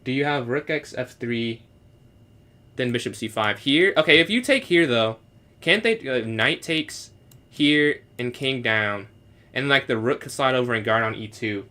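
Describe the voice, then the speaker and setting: A young man solving chess puzzles live, thinking aloud and answering chat, sometimes trying out halting beginner French. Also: medium pitch, animated, sharp tone. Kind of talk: casual live-stream commentary.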